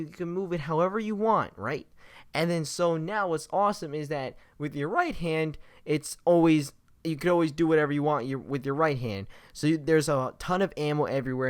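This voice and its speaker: A young man giving casual, excited impressions of games he played, rambling with fillers and restarts. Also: a little high, no echo, clean studio sound. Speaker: gaming vlogger.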